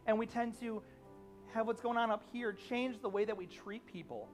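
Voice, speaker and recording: A man's voice: extremely high pitch, normal speed, soft background music. A man preaching a sermon as a pastor, telling a story conversationally with fillers and acting out the lines.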